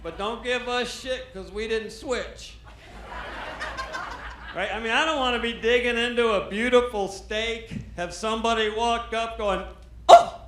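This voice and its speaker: Brash, high-voiced American comedian. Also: male voice, unhurried. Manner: brash, profane, animated. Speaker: stand-up comedian. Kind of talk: stand-up comedy. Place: comedy club stage. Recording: roomy club with crowd noise. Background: audience laughter.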